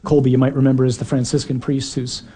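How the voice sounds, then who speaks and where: A man's voice: mid-range voice, level tone, fast talker, warm tone, husky. A man preaching a sermon in an earnest, emphatic way, sometimes acting out quoted voices.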